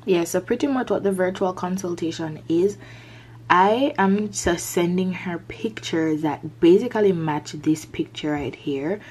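A woman's voice: fairly low pitch, measured pace, a little mellow. A young woman, a college student, chatting casually to camera in a vlog, full of "like" and a little self-conscious. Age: young adult. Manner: chatty, peppered with "like".

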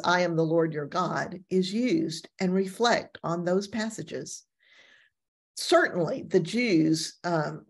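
A woman pastor teaching a gentle Bible class, telling the story with lively emphasis and casual asides. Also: on the low side, slightly rough.

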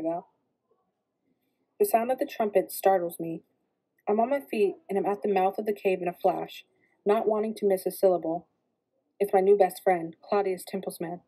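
A woman reading a novel aloud in steady first-person narration. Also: mid-range voice, slightly rough, poor audio. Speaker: reader.

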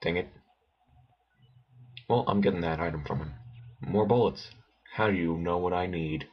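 Low husky man muttering game commentary. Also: normal speed, highs cut off. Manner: muttering to himself, bursts of alarm at enemies. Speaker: gameplay commentator. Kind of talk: let's play commentary.

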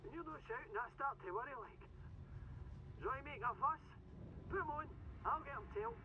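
A man's voice: very high-pitched, animated, brisk. A man playing a Scottish rig worker speaking over a radio in a video game, urgent and coaxing. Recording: dull radio line with heavy static.

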